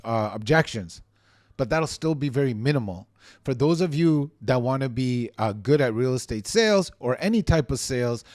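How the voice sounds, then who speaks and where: A man coaching on real estate sales in a motivational teaching monologue, energetic, emphatic and given to ranting. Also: mid-range voice, no echo, studio quality.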